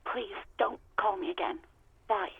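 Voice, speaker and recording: A woman's voice: medium pitch, measured pace, creaky, slightly rough, phone-quality sound, heavily acted. A woman voicing a weary young former hotel clerk who talks bluntly and with exasperation. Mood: exasperated.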